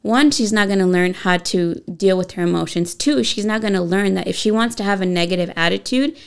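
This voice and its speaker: A middle-aged woman and mother, co-hosting a casual parenting chat and telling lively stories. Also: mid-range voice, brisk, creaky, clear, resonant tone. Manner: animated storyteller who acts out dialogue. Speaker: co-host and mother.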